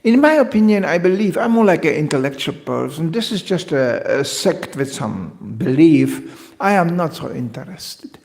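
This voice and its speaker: A man's voice: on the high side, big pitch swings, vocal fry, darkish tone, in a large hall. A man doing a pompous know-it-all. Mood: condescending. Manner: condescending, slow and dismissive. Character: pompous self-styled intellectual man.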